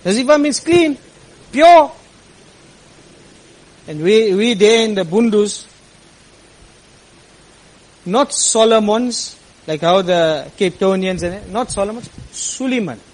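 Guy, pretty high voice, telling his story all animated. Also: takes it slowly, long pauses, low-quality recording. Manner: animated, quotes people in lively voices. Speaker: speaker telling a personal story. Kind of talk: storytelling talk to an audience.

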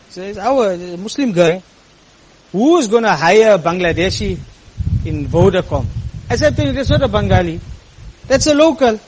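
Male storyteller, high pitch, lively delivery that acts out the dialogue. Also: low-quality recording. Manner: animated, quotes people in lively voices. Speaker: speaker telling a personal story. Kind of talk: storytelling talk to an audience.

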